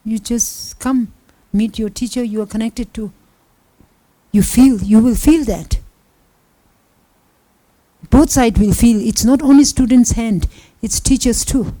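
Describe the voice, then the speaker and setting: Here a woman with a slightly high, dark-toned voice talks slowly and pauses often, captured in a rough recording without echo. Her Buddhist teaching talk is built on personal stories told in plain non-native English, with quoted dialogue acted out.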